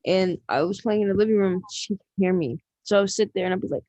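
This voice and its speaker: A woman's voice: mid-range voice, fast talker, hardly any pauses, darkish tone, no room sound. A young woman co-hosting a podcast, asking questions and telling stories in a blunt, casual way. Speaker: podcast co-host. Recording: dull, dry lo-fi mic.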